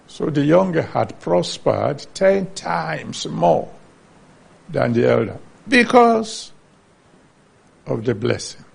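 A man's voice: on the high side, sing-song, slow, gravelly, long pauses, slightly rough. A man preaching a sermon, earnestly teaching from the Bible and citing chapter and verse.

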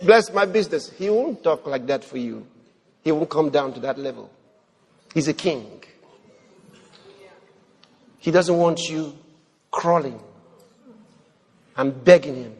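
A man preaching a sermon, animated, swinging between loud outbursts and low murmurs as he acts out people praying. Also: takes it slowly, creaky, pauses often, slightly rough. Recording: long hall reverb.

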